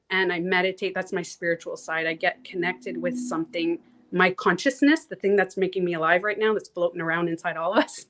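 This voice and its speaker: Animated woman coach, casual and frank. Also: on the low side. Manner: animated, swears casually, acts out quotes. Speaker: transformation coach, guest. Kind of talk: casual interview talk.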